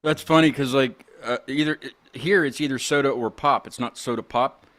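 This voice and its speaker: Host, loose rambling talk, laughs and swears, mid-pitch man. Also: normal speed, fairly bright tone. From West Virginia. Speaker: podcast host. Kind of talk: casual chat.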